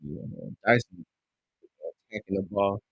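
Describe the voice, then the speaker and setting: A young man streaming a basketball watch-along, chatting casually in slang and breaking into loud yelling over referee calls. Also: on the low side, moderate pace, slightly rough, dry recording, highs cut off. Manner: excitable fan commentary, bursts into loud yelling at calls; casual slang, calls listeners bro and dog. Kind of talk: live game watch-along commentary.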